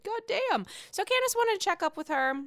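A woman recapping a reality TV episode in a casual, candid way, swearing freely and talking with lively energy. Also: very high voice, fast talker, no echo, studio quality.

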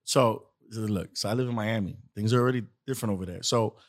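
A man's voice: on the low side, fast talker. A man appearing as a comedian guest on a casual podcast, talking in a laid-back, slangy way and deflecting questions with laughs. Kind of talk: casual interview chat. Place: indoor studio couch.

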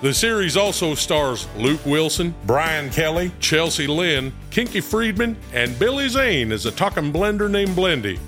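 A man's voice: on the high side, sing-song, measured pace, few pauses, fairly bright tone. A man playing a folksy country music star with a drawl, reading a podcast ad over music. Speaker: podcast ad spokesman. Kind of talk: scripted ad read in character. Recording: music bed behind voice.

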